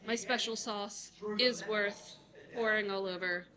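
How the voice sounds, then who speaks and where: A woman with a New York accent, speaking as an interview guest at a busy event and talking effusively with quick asides. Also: medium pitch, fairly even intonation. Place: busy conference hall. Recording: noisy crowd at a busy event.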